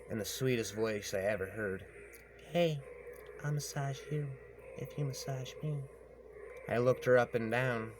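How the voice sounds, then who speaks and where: A man's voice: fairly low pitch, noisy background. A man telling a rambling story aloud, often repeating himself and tagging lines with "man". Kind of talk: rambling spoken horror story.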